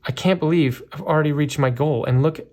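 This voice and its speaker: Fairly high in pitch and brisk, this card breaker keeps up a loose, chatty running commentary while cracking open a trading card box, full of filler words and sudden excited outbursts.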